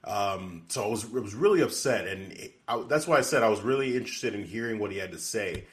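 Rambling low-voiced man on a podcast. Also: expressive, quick pace. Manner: rambling, many "you know" fillers. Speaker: podcast co-host. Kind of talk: casual chat.

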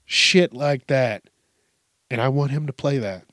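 A young man comments casually on stories sent in by readers, swearing freely and laughing as he vents in mock outrage. His mid-range voice is unhurried and a bit bright. The recording is dry and of studio quality.

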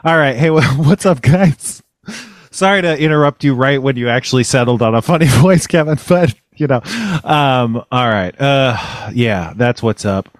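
A man hosting a casual comedy podcast, talking in a deadpan, self-mocking, rambling way into a studio mic. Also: mid-range voice, normal speed, no echo. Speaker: podcast host.

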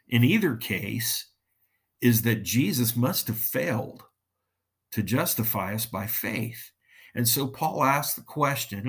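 Slow, husky male preacher. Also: mid-range voice. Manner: slow, deliberate teaching delivery addressing listeners directly. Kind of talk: sermon.

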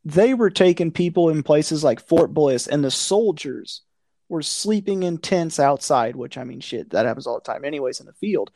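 A man's voice: fairly high pitch, lively intonation, moderate pace, a little mellow, dry recording, studio quality. A man in casual conversation, blunt and profane, ranting with a conspiratorial tone. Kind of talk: casual chat.

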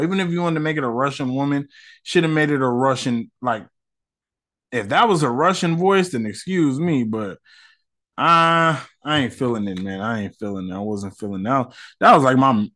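A man's voice: a little high, fairly bright tone. A man hosting a casual solo podcast, talking in slangy, ranting commentary. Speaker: podcast host.

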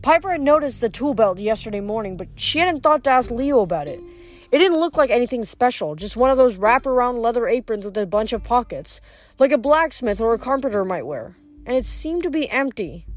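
A woman's voice: on the high side, lively intonation, brisk, soft background music. A woman reading a novel aloud, stumbling now and then over words, giving the characters' lines small changes of voice. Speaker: reader. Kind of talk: audiobook reading.

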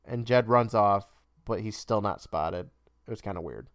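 Man, podcast co-host, casual recap, swears freely, smooth resonant voice, dry sound. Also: on the low side, normal speed, no room sound. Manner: laid-back, swears freely, laughs often.

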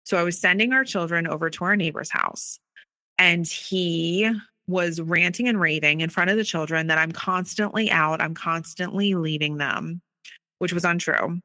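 An earnest woman recounting her personal story in testimony style. Her voice sits a little low, yet it is bright and forceful. She is recorded dry, close and with no room sound. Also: no echo. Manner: earnest, recounts events quickly with acted quoted dialogue. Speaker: interviewee sharing her story.

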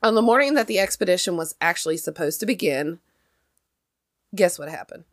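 A young adult woman hosting a podcast, telling a story in casual chat with lively emphasis and many fillers. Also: on the low side, brisk, no echo, clean studio sound. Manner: chatty, animated, many fillers. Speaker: podcast host.

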